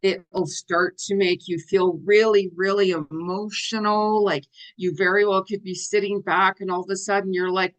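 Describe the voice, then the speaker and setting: A woman's voice: medium pitch, little pitch movement, normal speed, few pauses, low-quality recording. Chatty woman psychic on a livestream. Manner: chatty, rambling, many fillers like "like" and "you know"; acts out her own exclamations in a raised voice. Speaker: psychic reader hosting a live stream. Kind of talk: casual livestream talk.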